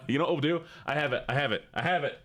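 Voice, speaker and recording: A man streaming games, chatting casually with viewers in a put-on Southern drawl, playful and quick to repeat himself. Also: mid-range voice, a bit bright, no echo. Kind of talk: casual live-stream chat.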